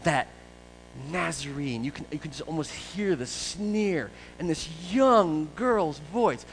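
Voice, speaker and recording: A male pastor preaching in a relaxed, conversational storytelling style. His voice sits slightly high and moves between quiet asides and louder bursts. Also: slow, slight background noise, rough recording. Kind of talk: sermon.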